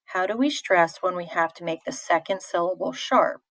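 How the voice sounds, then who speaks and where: A woman's voice: fairly low pitch, normal speed, a bit bright, no room sound, poor audio. A woman teacher giving a live online poetry lesson, answering chat questions in a patient, informal way with fillers and restarts.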